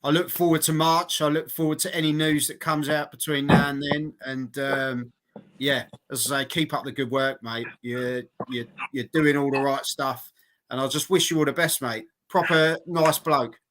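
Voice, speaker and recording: A man's voice: a little high, steady tone, moderate pace, fairly bright tone. A man hosting a casual interview, friendly and encouraging, often calling his guest mate. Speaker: interviewer, host.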